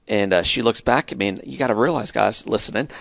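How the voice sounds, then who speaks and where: A man's voice: on the low side, quick pace, gravelly, fairly bright tone, no room sound. A middle-aged man, a podcast guest, telling a personal story with earnest, emphatic storytelling. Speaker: guest speaker.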